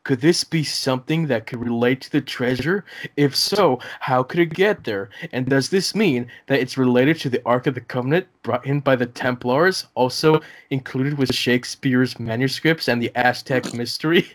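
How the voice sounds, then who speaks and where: A man's voice: mid-range voice, close to an everyday voice. A man imitating an overdramatic male documentary narrator who drags out every rhetorical question. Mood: mock dramatic. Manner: slow, breathless rhetorical questions.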